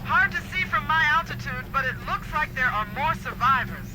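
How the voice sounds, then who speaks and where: A composed dropship pilot calls in over the radio in a video game. Her voice sits high and her reports come out clipped and businesslike. Steady noise runs under the game audio. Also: normal speed. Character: calm adult female dropship pilot. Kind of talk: military radio chatter. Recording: game audio with noisy backdrop.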